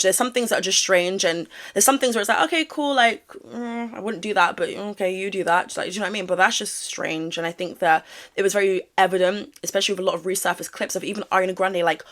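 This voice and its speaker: A woman's voice: on the low side, a bit bright. A woman, gossiping in a rambling, sassy commentary style with lots of fillers. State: out of breath. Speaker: commentary vlogger.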